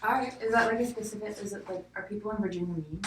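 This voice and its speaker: A woman's voice: mid-range voice, racing, distant mic, slight background noise. A young woman with a slight Southern American accent, co-hosting a podcast in a rambling, giggly chat. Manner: giggly, rambling, many likes. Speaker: podcast co-host. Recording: echoey room, off-mic.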